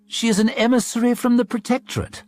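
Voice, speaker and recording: A man's voice: very high voice, steady tone, fast talker, darkish tone, no echo, voice pushed up. A man voicing a self-mocking young crown prince with a flippant, boyish manner.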